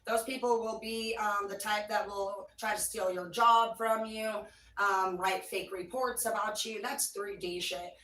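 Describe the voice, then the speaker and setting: A woman's voice: mid-range voice, steady tone, unhurried, sharp tone, far from the mic. A woman giving a casual tarot reading, blunt and rambling, swearing freely. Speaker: tarot reader. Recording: echoey room, voice away from mic.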